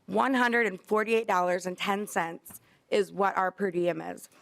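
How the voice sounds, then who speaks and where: A woman's voice: mid-range voice, steady tone, unhurried, vocal fry, a bit bright. A woman, a facility administrator, gives earnest, apologetic testimony to a legislative committee.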